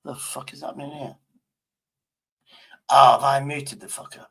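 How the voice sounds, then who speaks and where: Gravelly, husky man, swearing nonstop. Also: mid-range voice, level tone, moderate pace, fairly bright tone. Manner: swears constantly, rambling, talks to himself. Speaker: livestreamer. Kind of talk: casual livestream chat.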